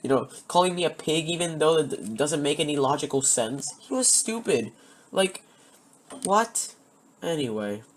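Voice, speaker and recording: A man's voice: on the high side, lively intonation, normal speed, a little hiss or hum. A man telling personal stories in a rambling, casual way, swearing often and repeatedly losing his train of thought. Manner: profane, meandering, keeps losing his thread.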